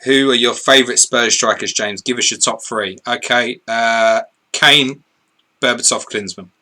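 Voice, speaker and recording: Sweary, bright-voiced bloke. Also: male voice, mid-range voice, a little slow. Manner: blunt, sweary, laughs easily. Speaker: livestream co-host reading viewer questions. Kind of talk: casual live stream chat.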